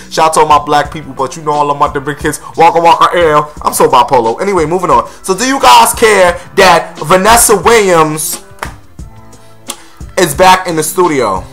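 A man's voice: a little high, sharp tone. A man hosting a casual gossip vlog, sassy and blunt, calling his viewers honey and girl.

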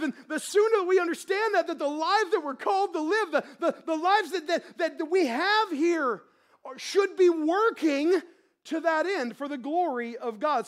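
High-voiced woman pastor preaching fervently. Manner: impassioned, repeats phrases, swells to shouts; conversational preaching with many restarts. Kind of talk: sermon.

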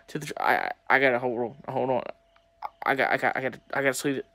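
A young man talking casually to viewers while opening sports cards, chatty and excitable. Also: medium pitch, fast talker, no room sound. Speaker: sports card collector opening packs. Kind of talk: casual pack-opening vlog.

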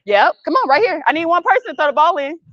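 A woman coaching a youth basketball practice, calling brisk directions and praise and gently correcting the kids. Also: sits high, sing-song. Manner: brisk, directive calls and encouragement; patient, gentle correction of the group. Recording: dull, dry lo-fi sound.

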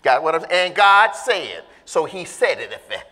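A pastor preaching a sermon, speaking emphatically and drawing in the congregation with questions. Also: male voice, fairly high pitch, very animated, unhurried, sharp tone. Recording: long reverb of a church hall.

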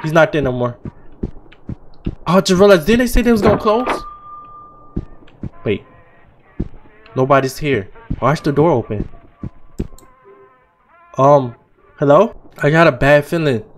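A young man, playing a horror game and talking his viewers through it, switching between low muttering and loud frightened shouts. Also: animated, measured pace, pauses often, a little hiss or hum. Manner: swings from low mumbling to loud panicked shouts, reads on-screen text aloud. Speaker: gaming channel host. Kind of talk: horror game let's play commentary.

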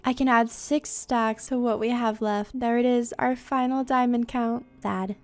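A young woman talking casually over her Minecraft gameplay, chatty and self-deprecating, with soft music playing behind her. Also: fairly high pitch. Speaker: Minecraft YouTuber.

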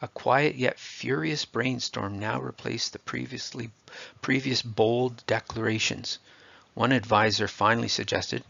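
A man reads a storybook aloud in a steady, expressive way. His voice is deeply gravelly and husky. The recording is dry and a little dull. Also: a little slow, no echo. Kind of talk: scripted storybook narration.

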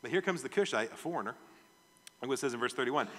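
A man's voice: medium pitch, lively intonation, fast, pauses often, a bit bright, long reverb tail. A male pastor teaching a verse-by-verse sermon in a conversational way, often asking his audience questions. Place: church sanctuary.

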